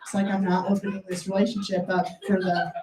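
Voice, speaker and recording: A woman's voice: mid-range voice, level tone, quick pace, echoey room, distant mic, background noise. A woman performing a stand-up comedy set, blunt, crude and self-deprecating, to a live audience. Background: audience laughter.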